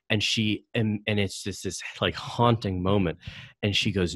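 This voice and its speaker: A man's voice: deep voice, steady tone, normal speed, dry recording. A man hosting a podcast, talking in a casual, hesitant way with lots of fillers and restarts. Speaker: podcast host. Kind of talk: casual conversational discussion.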